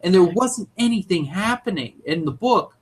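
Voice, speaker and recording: A young man co-hosting a casual podcast, talking in an animated, opinionated way. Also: high-pitched, moderate pace, husky. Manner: animated, opinionated, jumps into loud mock voices. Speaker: podcast co-host.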